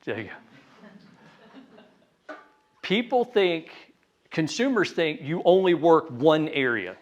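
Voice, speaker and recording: A man giving a live sales training talk to a room, lively and conversational, acting out phone calls in quick voices. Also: on the high side. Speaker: real estate sales trainer. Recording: dull lo-fi sound.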